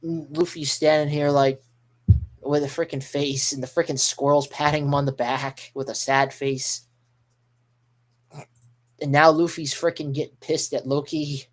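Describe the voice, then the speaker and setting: A man giving live reaction commentary as a manga reaction streamer, excitable and rambling, with mild swearing. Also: medium pitch, a little slow, long pauses.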